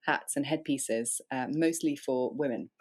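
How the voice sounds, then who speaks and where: A woman's voice: a bass voice, a little slow, darkish tone. A woman with a middle England accent, a guest on a podcast, hesitant with ums and light laughs. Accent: Middle England English. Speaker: guest, milliner. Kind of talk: podcast interview.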